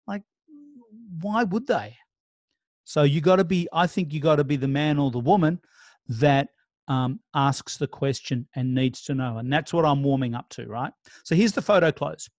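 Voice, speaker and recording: A man's voice: a little high, moderate pace, darkish tone, no echo. A man giving a casual real estate sales lesson, talking through client scripts with many restarts. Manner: conversational, role-plays client scripts, frequent restarts. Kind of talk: casual training talk.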